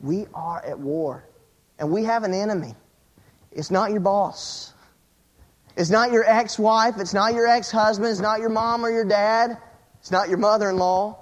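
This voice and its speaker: High-voiced man preaching a story. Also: unhurried, lo-fi sound. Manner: storytelling, dropping to a hushed low voice for suspense, rising with excitement; repeats words and restarts phrases. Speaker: pastor. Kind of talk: sermon.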